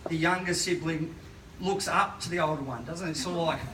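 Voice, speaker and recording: A man's voice: a little high, brisk, a bit bright. A man in his late forties doing a stand-up comedy set, self-deprecating and often laughing mid-line. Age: late 40s. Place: small live comedy venue. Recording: echoey, distant, noisy room recording.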